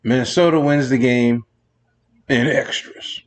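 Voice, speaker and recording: A man's voice: medium pitch, steady tone, unhurried. A man hosting a sports show, ranting in a rambling monologue full of digressions, exasperated with new rules. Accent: New York. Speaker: sports radio host.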